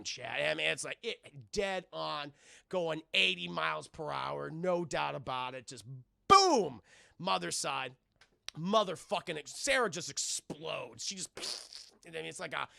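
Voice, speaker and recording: Man, film reviewer, profane rambling recap, bright tense tone, dry close sound. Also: a little high, vocal fry, no echo. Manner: profane, rambling, keeps addressing chat. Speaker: film reviewer streaming live. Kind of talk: casual live-stream film recap.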